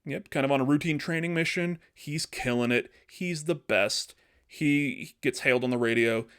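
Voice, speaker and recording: Man animatedly pitching a story. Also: normal speed, smooth. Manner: animated, acting out characters. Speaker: podcast host.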